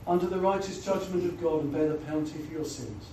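A man's voice: fairly high pitch, fast talker, dark tone. A man preaching a gospel sermon, earnest and pleading, often saying "you know". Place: church or gospel hall. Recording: echoey hall, voice from far off, faint noise.

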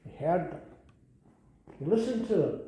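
A man's voice: high voice, lively intonation, measured pace, dark tone, slight background noise. An older man preaching a sermon earnestly, repeating phrases and rising to emphatic calls. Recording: very echoey room.

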